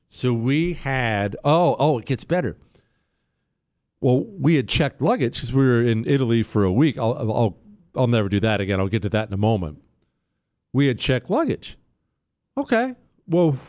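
A man telling a travel story on air, animated and sarcastic, swinging between loud and quiet. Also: medium pitch. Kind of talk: storytelling monologue.

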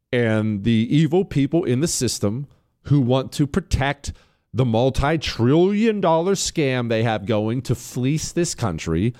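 A man's voice: mid-range voice, darkish tone, no room sound. American guy ranting on his show, voice going up and down a lot, dry and close. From United States. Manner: emphatic, fervent, drawn-out stresses. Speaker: host. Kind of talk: opinionated political commentary.

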